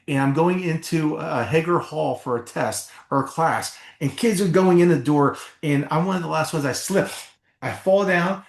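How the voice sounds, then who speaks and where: A middle-aged man from New Jersey speaks with a slightly high voice, telling animated stories as a podcast guest. His talk is emphatic and loose, with the odd curse, and the room gives it a roomy echo. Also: normal speed, creaky. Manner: animated storyteller, emphatic, swears casually. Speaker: podcast guest, former football player. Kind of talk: storytelling interview.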